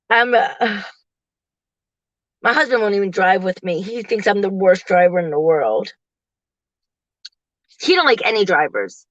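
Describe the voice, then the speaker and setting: A woman in her forties chatting casually to viewers from her parked car, laughing often and getting animated when she quotes people. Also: mid-range voice, unhurried, pauses often, dry recording, dull audio. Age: 40s. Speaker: livestream host.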